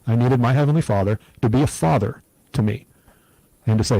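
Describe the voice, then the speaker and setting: A middle-aged man as an interview guest, telling a personal story in an earnest, reflective, steady way. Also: mid-range voice, fairly quick, no room sound, poor audio.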